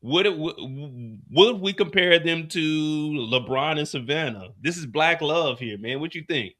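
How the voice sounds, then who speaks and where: Bright, laughing man co-host. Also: fairly high pitch, expressive, measured pace. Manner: laughing, teasing. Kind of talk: casual live-stream show chat.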